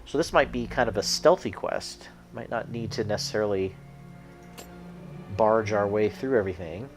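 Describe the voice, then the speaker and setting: A man's voice: fairly low pitch, normal speed, faint music behind. A man streaming a video card game, thinking aloud and explaining the rules as he plays. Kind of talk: casual streaming commentary.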